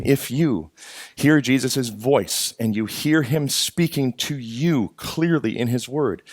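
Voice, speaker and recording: A pastor preaching a sermon with emphatic, earnest delivery, repeating phrases to drive points home. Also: male voice, mid-range voice, no echo, clean studio sound.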